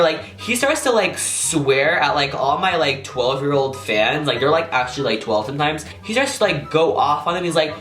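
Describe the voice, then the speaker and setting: Rambling young man, slightly high voice. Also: sing-song, moderate pace, hardly any pauses, a bit bright, faint music behind. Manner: rambling, full of "like" and swearing. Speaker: YouTuber. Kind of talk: casual storytime vlog. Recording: echoey room.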